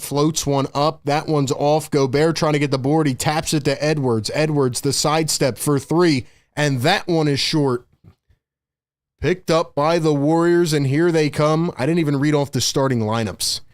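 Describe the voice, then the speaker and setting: A young man doing excited live play-by-play commentary as a stream host, breathless and excitable, talking straight to his chat. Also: mid-range voice.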